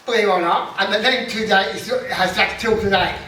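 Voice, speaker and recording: A man's voice: high-pitched, steady tone, brisk, distant mic, background noise. A middle-aged man doing self-deprecating stand-up comedy, with punchy joke delivery and laughing at his own jokes. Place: festival stage. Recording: echoey hall, mic heard from afar.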